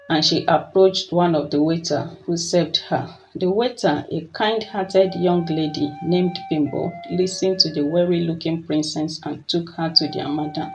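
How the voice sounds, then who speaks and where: Calm folktale narrator reading a scripted story, faint music behind. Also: mid-range voice, moderate pace, few pauses, muffled recording. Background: soft music.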